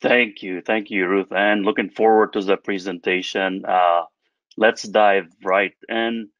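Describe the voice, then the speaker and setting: Man, business coach, webinar talk, very deep voice, measured and reflective, dull dry call audio. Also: steady tone, dry recording. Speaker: guest speaker, business coach. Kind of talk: webinar presentation.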